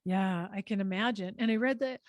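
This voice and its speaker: Gentle woman host, dry close sound. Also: mid-range voice, brisk, dry recording, highs cut off. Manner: gentle, empathetic listener. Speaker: podcast host. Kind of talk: interview conversation.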